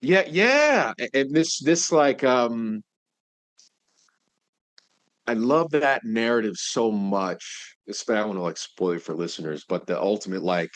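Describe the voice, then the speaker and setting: A young man talking casually as a podcast guest, animated and swearing, with many fillers. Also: medium pitch, measured pace, dry recording. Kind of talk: casual conversation.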